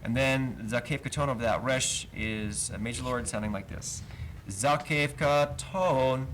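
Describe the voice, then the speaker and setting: A man's voice: medium pitch, steady tone, normal speed, a bit bright. A man teaching a verse-by-verse Hebrew lesson, explaining cantillation marks patiently and chanting each trope name aloud. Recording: livestream with faint noise.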